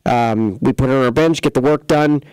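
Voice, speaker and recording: Folksy man with a smooth, dry voice. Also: medium pitch, normal speed, a little mellow, no echo, low-quality recording. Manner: rambling, filler-heavy, folksy sales talk. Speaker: computer repair shop host. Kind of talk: casual local radio-style talk show. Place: studio.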